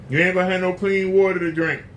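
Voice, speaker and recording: Man preacher, casual spoken sermon, emphatic and folksy, slightly high voice. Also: fairly even intonation, fast talker, a bit bright, a little hiss or hum.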